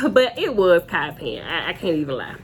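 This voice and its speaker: A woman's voice: lowish voice, big pitch swings, moderate pace, slight background noise. A young woman giving a casual, opinionated reality TV recap straight to her viewers on a phone camera. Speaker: reality TV reviewer.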